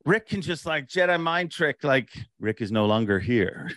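A man's voice: medium pitch, sing-song, normal speed, fairly bright tone, no echo. Male host, easygoing chat, close dry mic. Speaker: podcast host. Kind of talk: casual interview.

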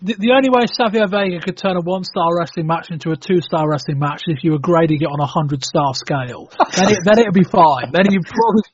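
A man's voice: a little high, fast talker, few pauses, lo-fi sound, slight background noise. A man co-hosting a casual podcast, reviewing wrestling with sarcasm and casual swearing. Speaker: podcast co-host.

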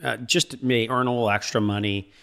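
A man's voice: mid-range voice, fairly even intonation, fairly quick, gravelly, fairly bright tone. A man in his thirties from Iowa, a seed company co-founder chatting easily as a podcast guest. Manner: easygoing, rambling with fillers. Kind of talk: casual podcast interview.

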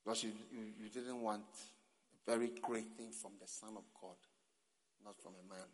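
A man preaching a slow, emotional sermon at a camp meeting, breaking into cries and laughter. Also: lowish voice, fairly even intonation. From Ghana. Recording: long hall reverb.

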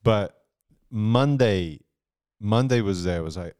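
A man with a very low voice muses aloud in a rambling way and keeps restarting his sentences. The recording is dry and close. The talk is casual podcast chat. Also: animated, darkish tone, clear, resonant tone, dry recording. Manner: rambling, halting, many restarts. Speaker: podcast co-host.

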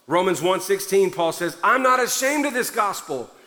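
A man preaching a sermon with a high, bright, forceful voice, hammering each point with fervent emphasis. His voice rings through a large church hall with a long reverb trail. He sounds a little out of breath as he pushes on. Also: lively intonation, moderate pace. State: somewhat out of breath. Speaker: pastor.

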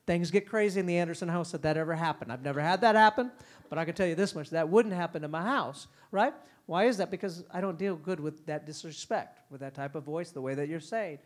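A middle-aged man speaking at a parenting conference, lively and conversational, often slipping into quick impressions of parents and kids. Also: a little high. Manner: animated, acts out parents and kids in quick quoted voices. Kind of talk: conference talk.

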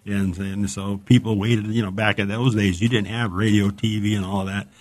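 Man, lowish voice, chatty book talk, rambling, enthusiastic. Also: little pitch movement, moderate pace, a little mellow. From United States. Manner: chatty, rambling, enthusiastic, reads passages aloud. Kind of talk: casual chat about books.

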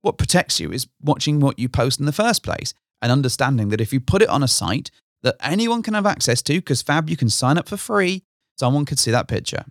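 Blunt British male podcast co-host, very lively pitch, dry close sound. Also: fairly quick, no echo. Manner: blunt, swears freely. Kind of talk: casual chat.

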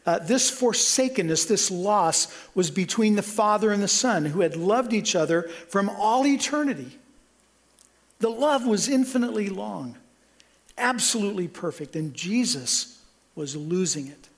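A man's voice: high voice, lively intonation, a little slow. A middle-aged man from Kansas preaching a sermon, earnest, with frequent restarts and a voice that rises for emphasis. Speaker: pastor.

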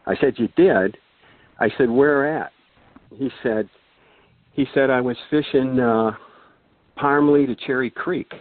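A man's voice: medium pitch, unhurried, pauses often, no room sound. An older man tells a long story in a casual, rambling way, full of fillers and restarts. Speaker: guest storyteller. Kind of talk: casual anecdote telling. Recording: dry, phone-like thin sound.

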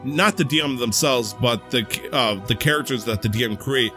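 A man joking and teasing in a loose, loud way on a casual podcast. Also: mid-range voice, moderate pace, soft background music.

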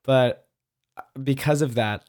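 A young adult co-hosting a podcast in casual chat, talking quickly and rambling with many restarts. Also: medium pitch, a little mellow. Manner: rambling, quick, self-interrupting. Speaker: podcast co-host.

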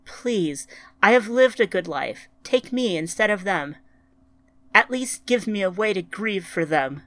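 A woman's voice: mid-range voice, expressive, unhurried, fairly bright tone, no echo. A woman voicing a grieving female android, her voice shaking as she pleads. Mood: pleading.

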